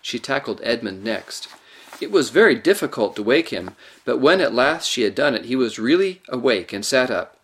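A man narrating a children's story aloud with expressive storytelling. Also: medium pitch, moderate pace. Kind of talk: audiobook reading of a children's story.

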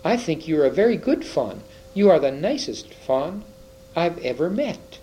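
A kind, anxious young girl from a storybook, played by a man reading aloud. She pleads and coaxes in a clearly raised voice that rises and falls with lively swings. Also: on the high side, unhurried, slight background noise, voice pushed up, poor audio. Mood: earnest, coaxing. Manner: pleading, earnest questions.

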